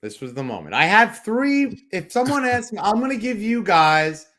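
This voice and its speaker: A man from New York, co-hosting a sports podcast, rambling and excitable as he tells stories in casual chat. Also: high-pitched, moderate pace. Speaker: podcast co-host.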